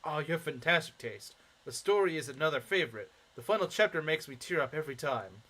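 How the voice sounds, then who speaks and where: A man's voice: on the high side, lively intonation, quick pace, bright, forceful tone, poor audio. A man voicing a noble, devoted young male prince with formal, courtly phrasing, reading game dialogue aloud. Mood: earnest.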